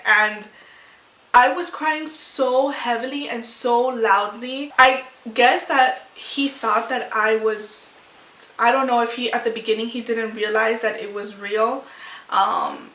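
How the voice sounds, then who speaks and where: Bright-voiced young woman vlogger, echoey room. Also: fairly high pitch. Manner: rambling, emotional retelling with many restarts. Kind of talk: casual storytelling to camera. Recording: echoey room, far from mic.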